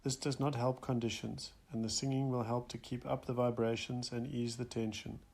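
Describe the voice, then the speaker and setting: Man voicing calm spirit guide, instructive, gravelly audiobook read. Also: mid-range voice, moderate pace.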